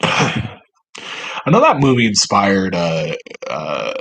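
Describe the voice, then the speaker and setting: A man's voice: deep voice, sing-song, drawn-out words, long pauses, pushed and bright, slightly rough. A man at home, talking straight to camera in a rambling, profane, self-mocking monologue. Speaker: vlogger.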